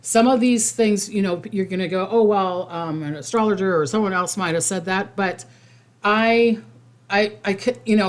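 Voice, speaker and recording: A woman hosting a casual psychic livestream, rambling with restarts and fillers and reading viewer comments aloud. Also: on the low side.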